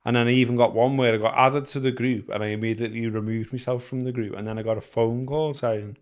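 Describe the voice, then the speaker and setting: A man with a Liverpool accent co-hosting a podcast, telling stories in a rambling, halting way with many fillers. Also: medium pitch, steady tone. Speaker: podcast co-host. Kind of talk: casual chat.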